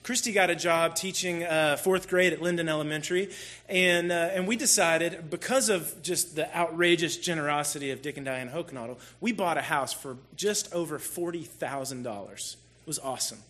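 Bright-voiced man telling a sermon story. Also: on the high side, normal speed. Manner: animated, self-deprecating storyteller. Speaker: church speaker.

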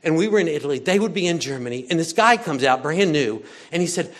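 An older man preaching in a chatty, animated storytelling way, swinging between loud moments and hushed ones. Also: fairly high pitch, fast talker. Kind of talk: conversational sermon with storytelling.

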